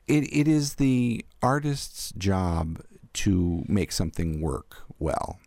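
An older man, an arts critic, recalling theater memories in a thoughtful, animated interview. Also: low voice, takes it slowly, no room sound. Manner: thoughtful, warmly animated storyteller. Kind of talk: reflective storytelling in an interview.

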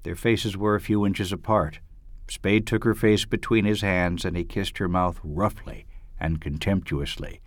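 A man reading a novel aloud in a dramatic, expressive narrating manner. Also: deep voice, measured pace, no echo. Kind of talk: audiobook reading.

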